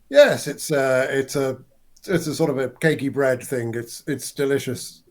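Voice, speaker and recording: A man voicing a proud, educated Welsh male noble, with a Welsh accent and a halting, boastful way of talking. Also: mid-range voice, natural voice. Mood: enthusiastic.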